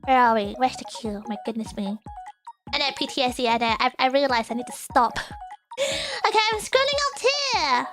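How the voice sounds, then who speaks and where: Give me a young woman streamer with a very high, lively voice, laughing a lot and chatting playfully. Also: moderate pace, over music. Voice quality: giggly, laughs often. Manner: playful, self-mocking rants. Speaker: streamer host. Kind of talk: casual live-stream chat.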